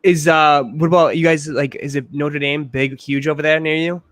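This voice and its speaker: A man's voice: fairly high pitch, steady tone, moderate pace, a bit bright, dry recording. A man hosting a casual livestream chat, joking around and often repeating himself. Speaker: host.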